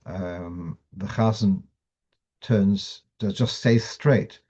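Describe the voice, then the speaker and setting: A man's voice: fairly low pitch, extremely slow, mellow, highs cut off. A man teaching a class on Jewish law, explaining step by step with restarts and fillers, mixing Hebrew and Yiddish terms into English. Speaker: Torah teacher.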